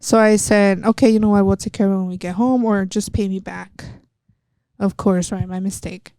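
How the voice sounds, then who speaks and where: A woman's voice: medium pitch, fairly even intonation, moderate pace, dark tone, no echo. A young woman from Texas, a professional wrestler, telling a personal story step by step in a candid interview. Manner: earnest, retelling events step by step.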